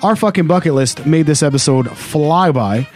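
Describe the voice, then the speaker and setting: A man's voice: fairly high pitch, moderate pace, darkish tone, soft background music. A man co-hosting a podcast, chatting casually and swearing freely. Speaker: podcast co-host. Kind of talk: casual banter.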